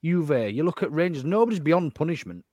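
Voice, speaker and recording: A man's voice: on the high side, big pitch swings, brisk, darkish tone, dry recording, studio quality. A man on a fan podcast, teasing the others and restarting his sentences. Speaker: podcast regular. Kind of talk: casual podcast chat.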